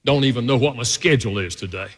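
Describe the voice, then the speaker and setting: Male pastor, sermon, animated and varied delivery, long hall reverb. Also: mid-range voice, quick pace. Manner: animated, swings between loud and hushed delivery. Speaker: preacher. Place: church sanctuary.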